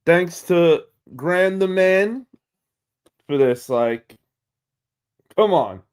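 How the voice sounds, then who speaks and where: Excitable New York guy streaming live. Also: high voice, drawn-out words, clear, resonant tone. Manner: excitable, swears freely, hypes up viewers. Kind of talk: casual live chat with viewers.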